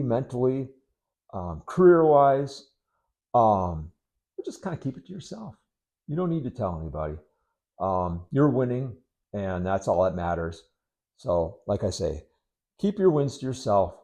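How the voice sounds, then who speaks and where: A middle-aged man from Wisconsin rambling casually to camera, unhurried and full of ums, with sarcastic asides. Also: on the low side, dark tone. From Wisconsin, United States. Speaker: vlogger.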